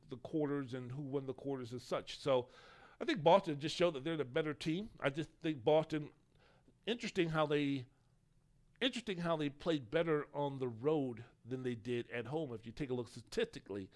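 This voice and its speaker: A man hosting a solo sports podcast, talking in a rambling, opinionated way and swearing casually. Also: mid-range voice. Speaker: podcast host.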